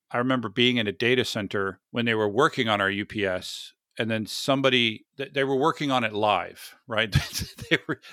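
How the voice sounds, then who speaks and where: An American man hosts a loose tech talk, rambling and poking fun at himself. His voice is bright and forward. The recording is dry and close. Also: medium pitch, no room sound. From United States. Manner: rambling, self-mocking, repeats words. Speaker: podcast host. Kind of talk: casual tech chat.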